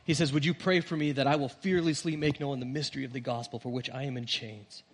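A man's voice: mid-range voice, fairly even intonation, fast. Earnest male pastor preaching. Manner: earnest preaching, rising on emphasis, dropping softly at phrase ends. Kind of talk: sermon.

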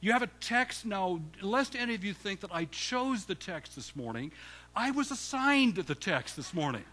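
Older guest preacher, joking with the congregation, lively bright voice. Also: male voice, high voice, normal speed. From Canada. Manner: warm joking banter with the congregation. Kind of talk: sermon. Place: church sanctuary.

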